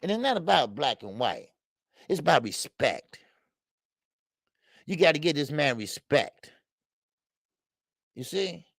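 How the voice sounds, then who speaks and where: A man with a deeply gravelly, slightly raised voice rants on a boxing livestream. He talks bluntly and profanely, circling back to repeat his points as he gets worked up. The sound is close and dry, with no room around it. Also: big pitch swings, slow, long pauses, a bit bright, no echo. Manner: blunt, profane, repetitive, heated. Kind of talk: heated livestream rant.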